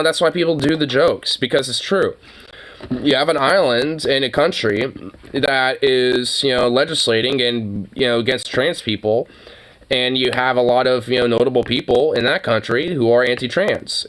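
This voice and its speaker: A man's voice: mid-range voice, a bit bright, a little hiss or hum. A young man streaming live, ranting casually in a profane, rambling way full of fillers. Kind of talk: casual livestream rant.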